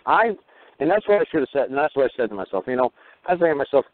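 Fast-talking man on tinny radio. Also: medium pitch, sing-song, no room sound. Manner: rapid, mocking, acts out quotes. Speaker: host. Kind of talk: call-in radio talk. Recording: tinny phone-like radio audio.

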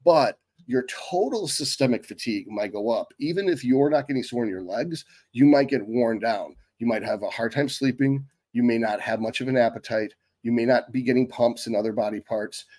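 A middle-aged man giving an unscripted fitness lecture as a bodybuilding coach, blunt and profane, talking quickly. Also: mid-range voice, a little mellow.

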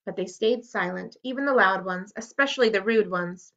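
A woman reading a children's novel aloud for a library, lively storytelling with character voices, on a dull lo-fi recording. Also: medium pitch, normal speed. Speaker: library read-aloud host.

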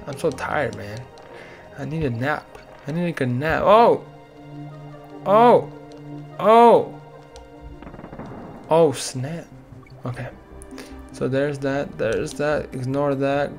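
A man's voice: mid-range voice, steady tone, unhurried, gravelly. Young man, tired, chatty let's play commentary, faint game music behind. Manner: rambling, chatty, frequent "like". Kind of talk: casual gameplay commentary.

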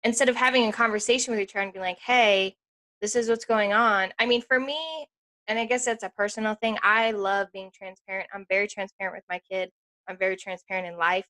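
A woman co-hosting a podcast in casual chat, speaking emphatically and reacting with quick interjections. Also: mid-range voice, fairly even intonation, bright, forceful tone. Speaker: podcast co-host.

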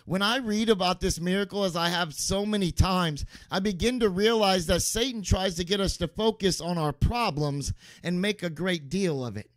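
A man's voice: high voice, normal speed, hardly any pauses, no room sound. A man preaching a sermon as pastor, emphatic and repeating key phrases for stress.

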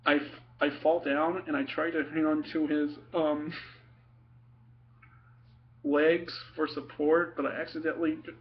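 A young man telling stories about his father, laughing often and pausing with many ums and restarts. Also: fairly high pitch, level tone, muffled recording, slight background noise. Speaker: son telling family stories. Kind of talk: casual storytelling to camera.

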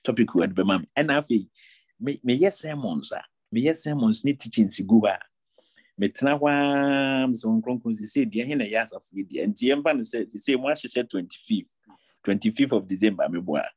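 Ghanaian man preaching, husky voice. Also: medium pitch, animated, fairly quick, no room sound, clean studio sound. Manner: preaching with rising intensity, mixing English words. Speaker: pastor. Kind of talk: sermon.

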